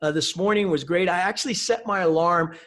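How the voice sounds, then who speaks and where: Upbeat high-voiced man talking as a guest. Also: brisk, fairly bright tone. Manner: upbeat and enthusiastic, tags lines with "right?" and "you know". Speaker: guest speaker. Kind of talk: conversational interview.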